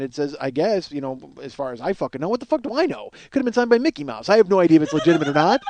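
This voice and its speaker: A man hosting a comedy podcast, telling a story in an animated, profane, rambling way. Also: high voice, no echo. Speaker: podcast host.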